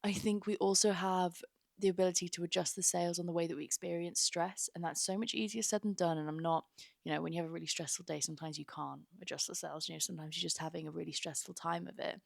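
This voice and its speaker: Young woman, podcast host; earnest, rambling delivery, low fry-edged voice, recorded dry. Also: steady tone, fast, dry recording. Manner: earnest, rambling with many fillers. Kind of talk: casual heartfelt podcast monologue.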